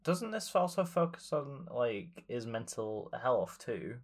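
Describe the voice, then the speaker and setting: A man's voice: sing-song, slow pace. A man co-hosting a podcast, chatting casually about films, hesitant and searching for words as he goes. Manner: hesitant, many fillers and restarts, jumps up in pitch. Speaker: podcast co-host. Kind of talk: casual film chat.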